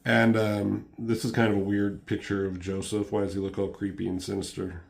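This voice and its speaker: A man's voice: on the low side, little pitch movement, a little fast, vocal fry, few pauses. Rambling man reviewing comics. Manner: rambling, swears freely, many ums.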